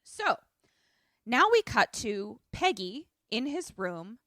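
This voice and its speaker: A woman co-hosting a podcast in casual chat, retelling a film as an animated, joking storyteller who swears freely, on a remote call. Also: a little high, takes it slowly, no echo, clean studio sound. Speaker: podcast co-host. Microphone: remote call setup.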